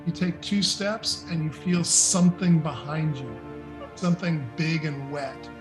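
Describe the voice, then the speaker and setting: An American man running a tabletop game as dungeon master, narrating scenes and switching quickly into characters. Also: a little high, music in the background.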